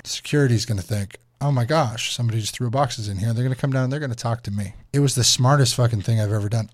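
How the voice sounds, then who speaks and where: A man's voice: mid-range voice, darkish tone. A young man casually telling a story as a podcast host, profane and exasperated, acting out his retelling.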